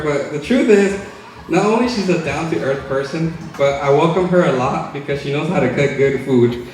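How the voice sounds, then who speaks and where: A man's voice: on the high side, darkish tone. Jokey young man giving a wedding toast. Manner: jokey, chatty, laughs between lines. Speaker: groom's twin brother giving a wedding toast. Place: large hotel banquet hall. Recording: very echoey banquet hall, distant mic.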